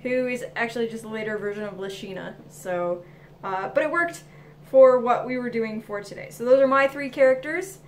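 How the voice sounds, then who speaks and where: A woman's voice: a little high, normal speed, distant mic, slight background noise. Casual woman explaining a tabletop game. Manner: easygoing, explains step by step with fillers. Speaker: host teaching a tabletop game.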